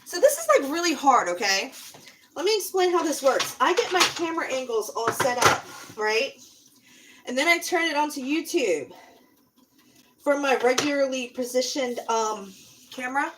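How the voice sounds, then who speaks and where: In her home kitchen, an adult mother runs a relaxed cooking stream, talking on and on to her audience while she works and occasionally wandering off from the microphone. Her high-pitched voice has lively intonation at a moderate pace, and the recording is very noisy.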